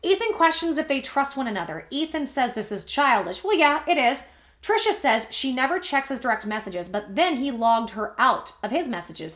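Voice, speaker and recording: Bright-voiced woman recapping gossip in an echoey room. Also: sits high. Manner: chatty, wry asides, fillers. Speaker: commentary channel host. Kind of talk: gossip commentary, reading and reacting.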